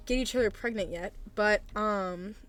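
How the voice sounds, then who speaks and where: A young woman talks casually on a livestream, answering chat in a hesitant, apologetic way. She trails off, restarts and laughs awkwardly. Her voice sits at an ordinary middle pitch for a woman. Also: normal speed. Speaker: streamer.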